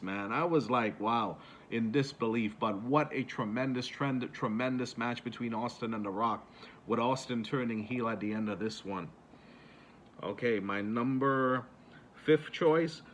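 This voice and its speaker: A man's voice: medium pitch, slight background noise. A man casually retelling moments for a countdown video, rambling with many fillers and restarts. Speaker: YouTuber.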